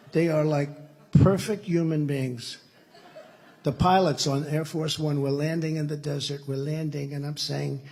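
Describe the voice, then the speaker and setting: A man's voice: a little high, darkish tone, slightly rough. An American man in his seventies giving a political keynote speech, telling rambling stories full of repeated superlatives. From United States. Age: 70s. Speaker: keynote speaker.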